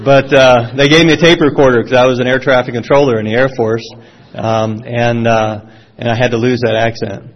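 A man's voice: mid-range voice, steady tone, brisk. A middle-aged man from Florida with a Southern accent, giving a personal testimony talk to a live audience in a folksy, self-deprecating way. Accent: Southern American. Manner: folksy storytelling with self-deprecating humor, frequent restarts. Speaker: speaker sharing a recovery testimony. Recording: dull lo-fi sound.

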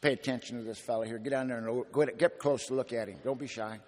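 Man putting on a blunt old gangster type, deep and gravelly, low and quiet, echoey hall. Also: steady tone, quick pace, slight background noise, natural voice. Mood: gruff. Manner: blunt, drawling, quieter and lower than the narrator. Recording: long echoing hall reverb.

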